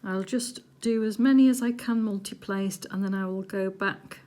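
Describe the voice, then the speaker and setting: A woman chatting casually while she does a craft project at home, rambling along with little hushed asides. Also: mid-range voice, fairly even intonation, normal speed. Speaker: crafting vlogger. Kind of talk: casual chat while diamond painting.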